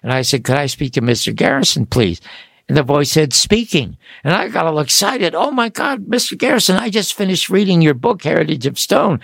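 Older man with a gravelly voice telling stories. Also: a little high, a little fast, no echo. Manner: animated anecdotes, acts out quoted voices. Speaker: radio talk show guest, author. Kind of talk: storytelling on a radio talk show.

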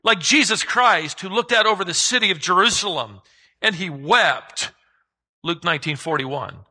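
A man's voice: high-pitched, animated, normal speed, bright, forceful tone, husky, rough recording. A man preaching a sermon as a pastor, emphatic and putting rhetorical questions to his listeners.

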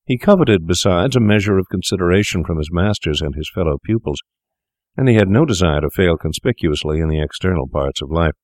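A man narrating an old tale in a very low, deep voice, with a measured, unhurried storytelling delivery. The sound is close and dry, with no room around it. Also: animated, darkish tone, dry recording. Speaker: audiobook narrator. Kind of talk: scripted narration of a classic tale.

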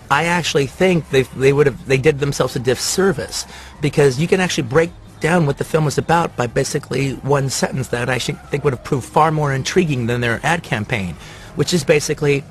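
A man giving casual film-ranking commentary in an enthusiastic, rambling way. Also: medium pitch.

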